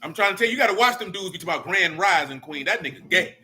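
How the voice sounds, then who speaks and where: A man's voice: sits high, expressive, very fast, sharp tone, slight background noise. A man leading a casual Bible study, blunt and slangy as he preaches and rants.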